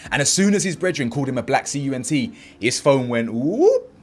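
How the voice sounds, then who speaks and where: Speaking at a medium pitch and a fairly quick clip, the host of a commentary channel reacts with animated indignation. He mimics other people's words as he quotes them, and his speech is thick with street slang.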